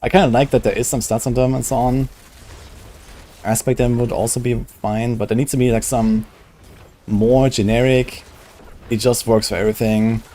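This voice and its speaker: A man's voice: medium pitch, level tone, normal speed, dark tone, a little hiss or hum. A man in casual live-stream chat who speaks bluntly and emphatically and swears freely.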